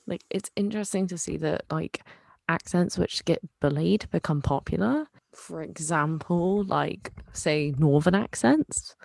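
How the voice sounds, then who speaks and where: Tipsy, low-voiced woman co-host. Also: lively intonation, a little slow, creaky, a little mellow, no echo. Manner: enthusiastic, giggly. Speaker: podcast co-host. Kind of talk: casual chat.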